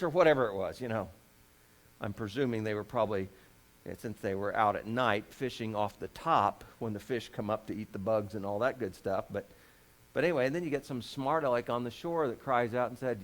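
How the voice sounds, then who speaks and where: A man's voice: mid-range voice, a little fast. A man preaching a conversational sermon as a pastor, folksy and joking, with lots of rhetorical questions.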